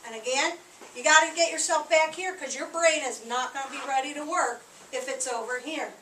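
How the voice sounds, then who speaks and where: A high, bright-voiced woman teaching a class of small children, acting out each feeling with big swings in her voice. She is caught from far off in a roomy, echoing hall. A faint hum sits behind her. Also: a little fast. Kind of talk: classroom lesson to young children. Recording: echoey room recorded from a distance.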